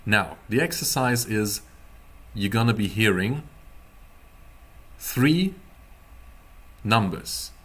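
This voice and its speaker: A man teaching a beginner language class, explaining pronunciation slowly in a playful, teasing way. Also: on the low side, expressive, a bit bright. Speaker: German teacher.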